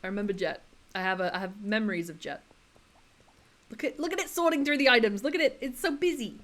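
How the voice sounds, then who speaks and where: Casual game streamer, female, a touch high-pitched, giggly and chatty, reads out viewer messages. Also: quick pace, fairly bright tone. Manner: chatty and giggly, answering chat between tasks. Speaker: live streamer playing a block-building game.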